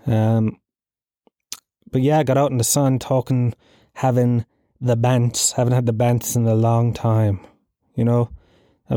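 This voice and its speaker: An Irish man rants through a solo podcast, cursing freely and laughing at his own lines. His voice sits mid-pitch with a warm, mellow tone. The sound is dry and close. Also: no echo. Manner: profane, ranting, laughs at own jokes. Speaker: podcast host.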